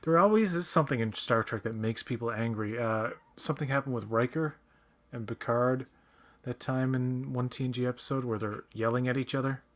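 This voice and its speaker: A man's voice: medium pitch, a bit bright. Rambling man with a light Newfoundland accent. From Newfoundland, Canada. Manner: rambling, self-deprecating, quick to laugh. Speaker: podcast guest. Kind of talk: casual fan commentary chat.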